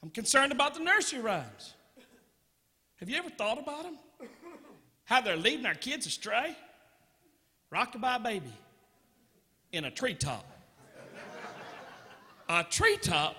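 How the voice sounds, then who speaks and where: A man from Georgia with a Southern American accent, doing animated stand-up storytelling and teasing the crowd. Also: very high-pitched, measured pace, pauses often, big-room sound. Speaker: comedian. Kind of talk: stand-up comedy.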